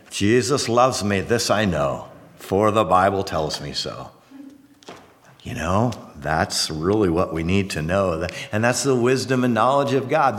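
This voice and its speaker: A male pastor preaching a sermon in a folksy, animated way, acting out little voices as he explains. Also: medium pitch.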